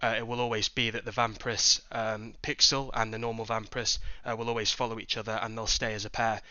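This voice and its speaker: A man's voice: on the low side, little pitch movement, fast, bright, forceful tone, no room sound, highs cut off. A man giving a project update on a voice call, beginning nearly every phrase with "uh". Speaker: project team member.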